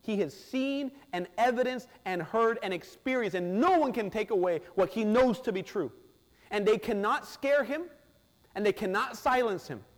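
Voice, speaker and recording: A man delivers a sermon with a notably high voice, dramatizing the people he quotes. His voice rings out with a long reverb, as if in a large hall. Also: normal speed. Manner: expressive, acts out quoted voices. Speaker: pastor.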